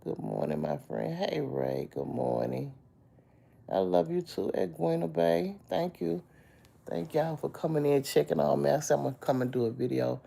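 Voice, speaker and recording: A woman's voice: low voice, normal speed, vocal fry, dark tone. A sick woman with a chest cold, lying in bed and chatting on a phone live stream, greeting viewers by name and calling them baby. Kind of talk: casual live-stream chat.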